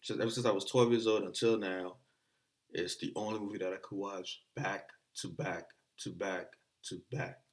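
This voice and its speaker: Young guy ranting about stuff he loves, swears a ton, kinda low voice, english not his first language. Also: moderate pace. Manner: profane, excitable, rambling. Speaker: vlogger. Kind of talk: casual chat.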